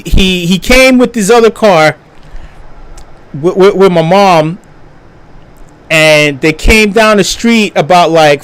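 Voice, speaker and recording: A man's voice: sits high, a bit bright. A young adult man telling a story on a live stream, swearing freely, stammering through restarts and laughing as he talks.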